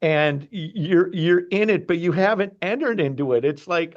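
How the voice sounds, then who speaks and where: A man's voice: high voice, expressive, moderate pace, hardly any pauses, muffled recording. A man hosting a podcast over a video call, earnest and effusive. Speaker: podcast host. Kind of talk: casual conversation.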